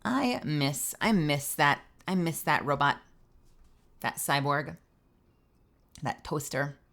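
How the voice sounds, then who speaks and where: A woman voice actor on a live stream chats casually and animatedly, taking things slowly in a deep voice. She swears freely while explaining voice acting to her viewers.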